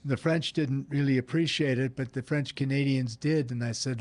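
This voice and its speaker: An older man hosts a radio talk show with a mid-pitched voice. He rambles casually, trails off, restarts his sentences and tosses in jokes. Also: steady tone, a little mellow. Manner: rambling, halting, jokey. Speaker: show host.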